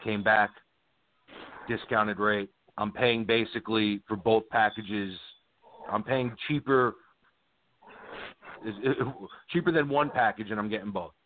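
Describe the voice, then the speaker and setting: A man's voice: lowish voice, steady tone, measured pace, long pauses, slight background noise. A man hosting a casual sports podcast, telling joking stories with some swearing. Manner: loose, joking storyteller who swears. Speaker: podcast host. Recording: phone-like dry line.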